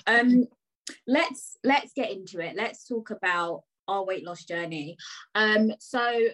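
A woman's voice: mid-range voice, takes it slowly, a bit bright, low-quality recording. A woman with a British accent hosting a podcast, chatting and asking her guest questions in a casual, filler-laden way. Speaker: podcast host. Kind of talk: casual interview chat.

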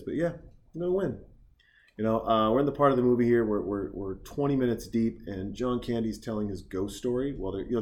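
A man's voice: fairly low pitch, a little mellow. Rambling, profane man in his forties. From Montana, USA. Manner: profane, tangent-prone storyteller. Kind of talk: casual rambling monologue. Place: outdoors on a summer vacation. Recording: roomy sound with faint ambience.

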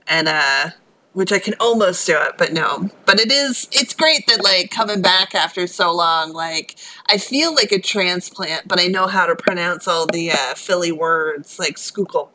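A woman from Philadelphia with a light Philly accent, chatting casually as a podcast co-host, laughing often and filling pauses with um and yeah. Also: lowish voice, bright, forceful tone, slight background noise, poor audio. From Philadelphia, USA. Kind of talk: casual chat.

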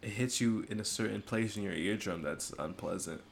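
Gravelly, laid-back man chatting. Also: lowish voice, moderate pace, a little hiss or hum. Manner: loose and rambling, laughs a lot. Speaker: podcast host. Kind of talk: casual chat.

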